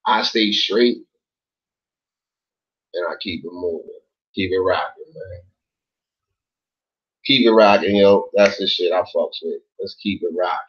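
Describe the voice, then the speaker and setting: Low husky guy riffing loose and slangy on his show, cussing a lot, voice shoots way up when he gets heated, muffled lo-fi audio. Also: unhurried, pauses often. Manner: slangy, rambling, swearing often; jumps to high excited pitch when worked up. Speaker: online show host. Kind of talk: loose casual commentary. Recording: dull lo-fi sound.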